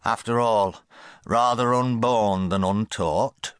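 A man's voice: fairly low pitch, takes it slowly, no room sound, clean studio sound, voice pushed up. A man voicing a stern, clipped elderly great-aunt in a children's audiobook. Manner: clipped and disapproving. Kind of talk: audiobook character voice.

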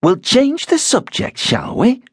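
A man voicing a fussy, hushing wife. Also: on the high side, huge pitch swings, unhurried, breathy edge, no room sound, clean studio sound, pitched above the performer's own voice, exaggerated voice. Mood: strained brightness. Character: exasperated middle-aged wife keeping peace.

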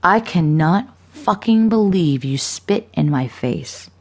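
A woman's voice: on the low side, animated, slow pace, a little mellow, husky, full character voice. A woman voicing a ruthless, foul-mouthed woman who curses and taunts with contempt in an audiobook thriller. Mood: menacing.

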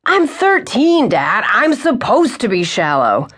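A woman's voice: a little high, sing-song, slow, a bit bright, voice pushed up, heavily acted. A woman voicing a cheeky, girl-crazy thirteen-year-old boy who talks eagerly and cheerfully in an audiobook.

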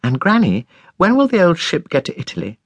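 A woman's voice: lowish voice, huge pitch swings, fairly quick, slightly rough, no room sound, pitched above the performer's own voice, full character voice. A male narrator voicing an eager, curious little girl.

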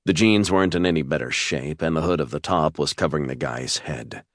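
Male audiobook narrator, measured storytelling, extremely deep voice, dry close studio sound. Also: no room sound.

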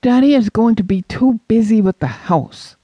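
A man voicing a bossy older sister, a young girl, with a sharp, dismissive way of talking. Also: a little high, sing-song, measured pace, breathy edge, dry recording, highs cut off, heavily acted. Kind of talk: audiobook character voice.

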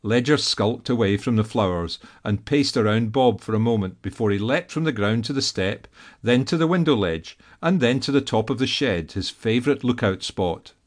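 Expressive male audiobook narrator. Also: medium pitch. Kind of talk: scripted narration.

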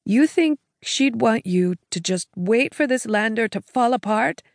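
A woman voicing a grieving woman who is steadying her shaken brother, speaking in a gently firm, urging way in an audiobook. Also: a little high, lively intonation, measured pace, creaky, no room sound, clean studio sound, voice pushed up. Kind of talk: audiobook character voice.

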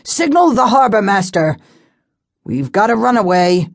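A woman voicing an old, superstitious male harbor pilot who talks gruffly and mutters. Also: fairly low pitch, expressive, unhurried, no room sound, clean studio sound. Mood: alarmed.

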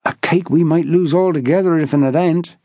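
A man voicing a gruff, stubborn old sailor who growls in rough dialect speech. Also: fairly high pitch, fairly quick, warm tone, no room sound.

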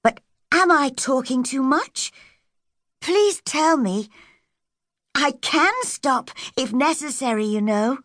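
A woman's voice: high-pitched, expressive, takes it slowly, long pauses, a bit bright, no echo, clean studio sound, voice pushed up, heavily acted. A woman reading an audiobook, voicing an eager, dreamy orphan girl of about eleven who talks on and on. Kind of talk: audiobook character voice.

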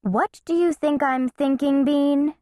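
A woman's voice: high voice, takes it slowly, warm tone, no echo, studio quality, pitched above the performer's own voice. A woman voicing a stern, exasperated mother who speaks in a firm, pointed way.

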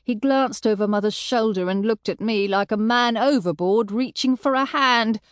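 A woman narrating a historical novel audiobook in the first person, with expressive storytelling. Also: on the high side, normal speed, clean tone, no echo, clean studio sound.

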